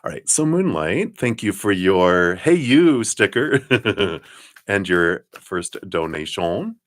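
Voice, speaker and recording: Deep-voiced man reading tarot cards. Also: big pitch swings, slow pace, no room sound. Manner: rambling, warm spiritual talk with fillers and laughs. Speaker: tarot reader. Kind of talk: live-stream card reading.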